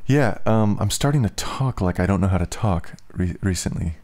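A man's voice: sits low, lively intonation, moderate pace, a little mellow. A young man rambling casually in a vlog, with slightly slurred speech and lots of filler "like"s. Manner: loose, filler-heavy talk with "like". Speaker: musician and vlogger.

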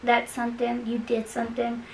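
A woman's voice: fairly high pitch, completely flat delivery, moderate pace, vocal fry, far from the mic, a little hiss or hum, low-quality recording. A woman chatting to her viewers while cleaning, out of breath, rambling and encouraging. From Kentucky. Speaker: cleaning vlogger. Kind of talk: casual chat to camera.

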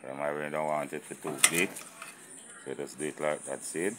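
A Jamaican man with a remarkably deep voice hosts his outdoor cooking channel. He talks to his viewers in a loose, patois-flavoured way. Frying sizzle and the clatter of pots carry clearly behind him. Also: steady tone, a little fast, background noise. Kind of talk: casual cooking vlog. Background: frying sizzle and pot clatter.

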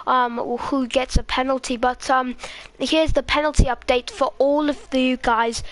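High, level-toned Scottish woman commentating. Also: flat delivery. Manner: halting, rambling delivery with many fillers. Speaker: sim racing commentator. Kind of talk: live race commentary.

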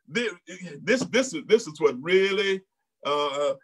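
Male pastor, high voice, preaching with call-outs and acted-out quotes. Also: expressive, measured pace, rough recording. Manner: preaching in a folksy Black church style, with repeats and exclamations; acts out voices in quoted lines. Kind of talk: sermon.

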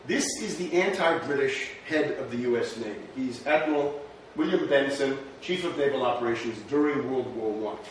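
In a lecture room, a man gives a history lecture in a rhetorical, conversational style, often checking in with "right?". His mid-range voice is expressive, at a moderate pace with hardly any pauses. The distant mic picks up a very echoey room and faint noise.

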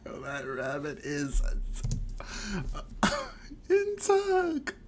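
A host reacting to a music video, excitable and gushing, often laughing and squealing. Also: mid-range voice, drawn-out words, background noise. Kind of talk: casual reaction commentary. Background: music video playing.

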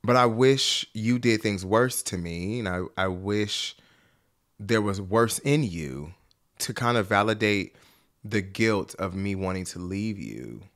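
Animated, chatty young man reacting to music. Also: fairly low pitch, slow pace. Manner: chatty and emotional, swings from reflective to excited squeals. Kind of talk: album reaction commentary. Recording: faint music playing behind.

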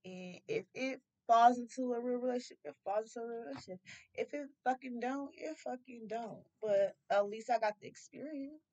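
A woman's voice: fairly high pitch, brisk, mellow, rough recording. A young woman doing a casual tarot reading, loose and profane, laughing often. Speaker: tarot reader.

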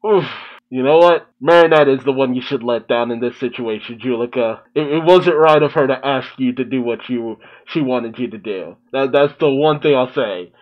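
A man's voice: medium pitch, normal speed, muffled recording. A man giving casual, emotional reaction commentary on a cartoon episode, often exclaiming and laughing. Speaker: reaction video host.

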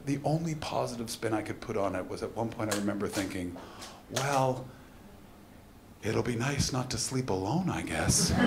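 A man performing a stand-up comedy set live, moving between quiet somber storytelling and loud punchlines. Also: lowish voice. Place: live comedy venue at a festival. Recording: roomy live venue with audience noise.

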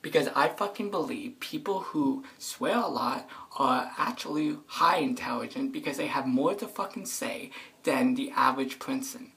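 A teenage girl ranting in a casual vlog, brash and profane, jittery and excitable, sometimes dropping to a hushed whisper. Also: rumbling low, normal speed. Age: teens. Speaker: vlogger.

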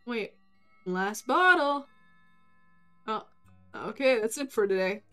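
A young woman with a high voice talks through a game in a slow, unhurried way. She swears freely and shouts at enemies. Faint game music plays under her voice. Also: lively intonation, clean tone. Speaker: game streamer. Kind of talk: casual gameplay commentary.

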